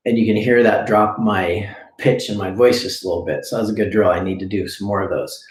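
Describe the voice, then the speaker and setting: A man's voice: on the low side, fairly even intonation, brisk. A man as a breathing coach teaching a live lesson, demonstrating drills as he explains and often checking in with "okay?". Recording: echoey room.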